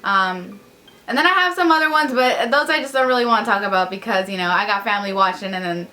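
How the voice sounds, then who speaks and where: Bright chatty young woman. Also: mid-range voice, quick pace. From United States. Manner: chatty, lots of fillers and quoted dialogue. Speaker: vlogger. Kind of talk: casual storytelling.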